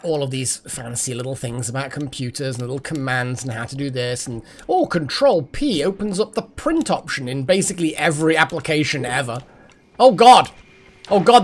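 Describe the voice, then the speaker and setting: Lively rambling man streamer. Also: fairly high pitch. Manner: rambling, chatty, swears and laughs often. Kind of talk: casual live-stream chat while gaming.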